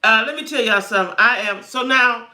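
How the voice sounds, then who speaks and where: A woman hosts a casual live chat stream in a very bright, forceful voice. She talks straight to her viewers, greets them by name, and narrates her own fumbling with the stream settings as she goes. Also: a little high, a little fast. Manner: thinks aloud while fumbling with stream settings. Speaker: livestream host.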